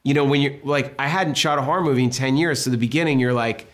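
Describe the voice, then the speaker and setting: A man's voice: mid-range voice, fast. A man in his fifties from Massachusetts, a film director telling stories in a casual interview and acting out what people said. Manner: animated storyteller acting out quotes.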